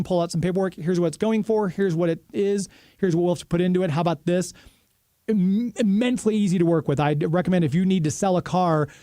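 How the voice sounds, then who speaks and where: A man's voice: fairly high pitch, warm tone, no room sound, clean studio sound. A man hosting a radio show, chatting casually and reading a sponsor spot with plenty of fillers.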